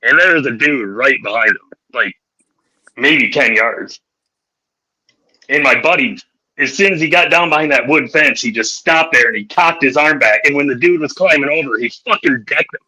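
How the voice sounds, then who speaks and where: Man, podcast host, casual storytelling, profane, rowdy, very bright forceful voice. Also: medium pitch, normal speed, slightly rough, low-quality recording. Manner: profane, rowdy anecdote telling; laughs through his stories.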